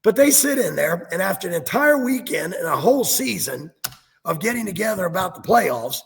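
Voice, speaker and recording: A man on a sports talk show rants and mocks with a high, swooping delivery. His voice is deeply gravelly. A long reverb hangs on the recording. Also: sing-song, fairly quick, a bit bright. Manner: ranting, sarcastic.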